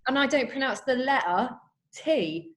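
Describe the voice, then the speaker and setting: A woman's voice: sits high, animated, unhurried. A woman with a British accent hosting a podcast, playfully teasing her guest in casual chat. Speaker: podcast host.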